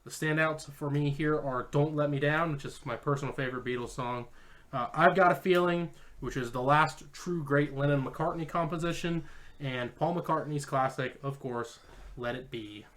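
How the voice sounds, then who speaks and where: A podcast co-host reads his notes on an album quickly, joking profanely with friends while chewing an apple into his home podcast mic. His voice is slightly high and fairly bright in tone.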